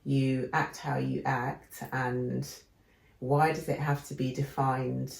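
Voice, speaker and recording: Brief: woman podcast co-host, very low gravelly voice, animated storyteller, roomy echo. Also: slow. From England. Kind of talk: casual chat.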